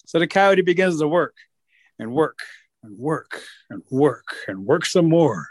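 A man telling a folktale aloud with rhythmic repetition and animated delivery. His voice is slightly high. The recording is dry and close with little room sound. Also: measured pace, no room sound. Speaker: storyteller. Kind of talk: oral folktale storytelling.

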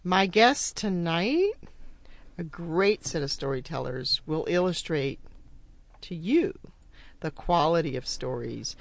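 A woman's voice: on the low side, lively intonation, takes it slowly, vocal fry. A woman hosting a community radio show, chatty and upbeat as she introduces guests and asks for donations.

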